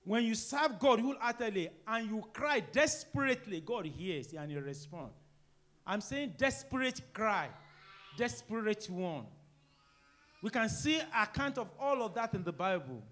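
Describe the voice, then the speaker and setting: A middle-aged man preaching a sermon, swinging between loud emphatic rises and quiet, low asides. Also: sing-song, measured pace. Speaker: pastor.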